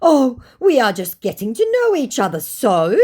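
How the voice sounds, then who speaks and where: A slow, dim-witted man chasing a romance scam, as a woman mocks him, reading his chat messages out with a high, swooping lilt that climbs and drops all over the place. The pushy questions come out in a drawn-out, sing-song way. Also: wildly swooping pitch, mellow, husky, heavily acted. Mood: mocking. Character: dim, pushy male online romance scammer.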